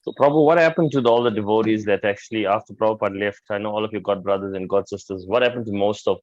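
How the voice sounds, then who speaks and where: A man's voice: lowish voice, fast talker, darkish tone, dry recording. A man taking part in a religious discussion on a video call, asking questions and giving brief respectful affirmations. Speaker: participant. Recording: dull lo-fi call audio.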